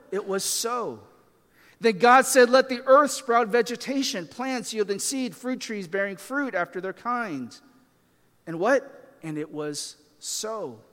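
A man's voice: very high-pitched, fairly bright tone, big-room sound. A man preaching a sermon as a pastor, talking in a conversational way with fillers and self-deprecating asides.

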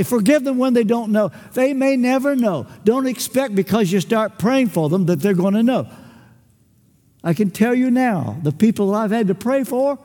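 An older man preaching a sermon, emphatic, acting out little dialogues and pausing for weight. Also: sits high, mellow. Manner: emphatic, with acted-out dialogue and long pauses. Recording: church with long reverb.

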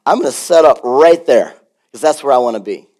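A man's voice: medium pitch, animated, fairly quick, darkish tone, lightly acted. A man voicing God as a loving father pleased by his children's praise. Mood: delighted.

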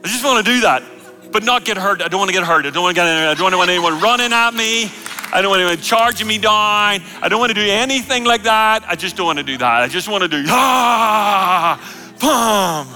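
Guy preaching at church, funny and fired up, super bright sharp voice, bit of music faint behind. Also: high-pitched, fast talker. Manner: humorous, energetic preaching to a congregation. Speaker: guest pastor. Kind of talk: sermon. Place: church service before a congregation.

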